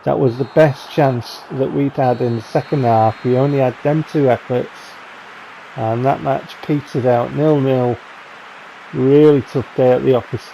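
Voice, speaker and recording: Gravelly man, wry chat. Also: medium pitch, dark tone, a little hiss or hum, rough recording. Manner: chatty, rambling, wry. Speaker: gaming channel host. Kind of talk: casual game highlights commentary.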